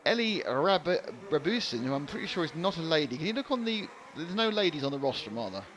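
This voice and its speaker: A man's voice: fairly high pitch, very animated, fast, fairly bright tone. A man doing live race commentary, chatty and joking with his co-commentator. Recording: light background noise.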